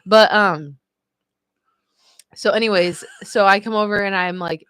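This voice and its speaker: A woman's voice: mid-range voice, fairly even intonation, measured pace, pauses often, a bit bright, smooth, no echo. A woman hosting a casual live stream, telling a story in a chatty way, filling her talk with "like" and "you know" and laughing often. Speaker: livestream host.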